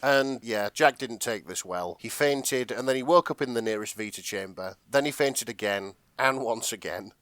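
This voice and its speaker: A man's voice: medium pitch, normal speed, hardly any pauses, dry recording. A man co-hosting a comedy podcast, retelling a fanfic with a lot of laughter. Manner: animated, laughing often. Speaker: podcast co-host.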